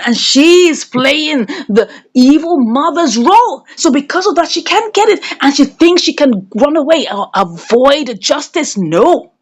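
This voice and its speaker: A woman giving a dramatic movie recap as a reviewer, telling the story in an animated way and acting out the lines. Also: sits high.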